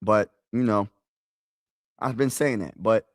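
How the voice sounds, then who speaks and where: A man giving excitable, slangy live play-by-play and reaction on his stream, his voice rising when he calls big plays. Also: lowish voice, slow, no room sound, clean studio sound. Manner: excitable, slangy, talks to viewers as "bro"; rises loudly when calling big plays. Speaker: sports streamer.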